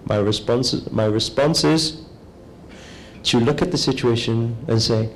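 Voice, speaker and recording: A man giving a calm, measured spiritual talk, speaking slowly and deliberately as a teacher. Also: mid-range voice, slight background noise, rough recording.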